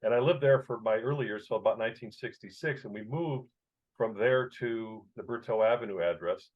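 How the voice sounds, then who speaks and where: Interviewed as a guest, an author in his sixties who grew up in Chicago recounts a childhood story with emotion and vivid detail. His voice is medium-pitched and fairly quick, and the recording sounds dull and lo-fi.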